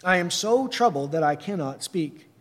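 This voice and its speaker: A man delivers a sermon in an earnest, steady way, reading scripture aloud and then explaining it to his listeners. His voice sits fairly high for a man. The recording carries a long reverb, as in a large hall. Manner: earnest, reads slowly then explains with "right?". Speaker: preacher.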